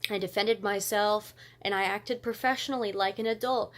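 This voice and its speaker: A woman's voice: medium pitch, steady tone, moderate pace, fairly bright tone. A woman vlogger telling a story as a casual rant, fired up and blunt, with cursing.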